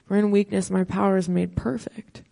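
Earnest woman with a gravelly, flat voice. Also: mid-range voice, normal speed. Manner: earnest storytelling with quoted prayers. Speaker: pastor. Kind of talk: personal testimony talk.

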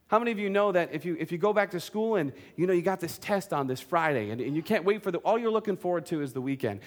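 Guy preaching, kinda high voice, earnest, keeps asking the room stuff. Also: lively intonation, quick pace, hardly any pauses. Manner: earnest, questions the congregation, jokes in between. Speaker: pastor. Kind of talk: sermon.

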